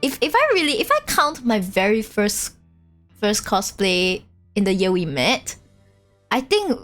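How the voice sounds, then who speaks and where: Excitable woman streamer, lively voice. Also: medium pitch, measured pace, soft background music. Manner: animated, excitable, giggly. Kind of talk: casual let's-play chat.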